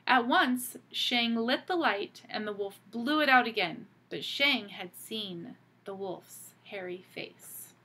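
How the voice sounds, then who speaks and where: A woman teacher reading a picture book aloud to children, pausing gently to ask them questions. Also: fairly high pitch, breathy edge.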